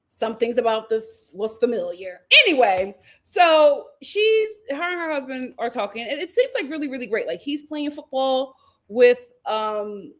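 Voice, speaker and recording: Young woman doing a live tv recap stream, high voice, chatty and slangy, super animated. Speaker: reality TV recap host. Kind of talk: casual live stream chat.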